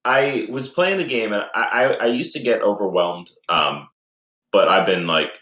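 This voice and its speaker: A man's voice: lowish voice, normal speed, pushed and bright. A man co-hosting a casual podcast, telling a long gaming story with lots of fillers, restarts and laughter. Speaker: podcast co-host. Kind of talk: casual chat about games and movies. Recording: roomy echoey home recording.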